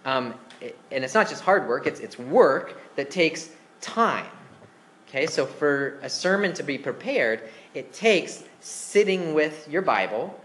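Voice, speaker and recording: A man's voice: a little high, expressive, a little slow, a bit bright. Conversational male pastor preaching. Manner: asks the congregation questions, conversational. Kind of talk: interactive sermon. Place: church.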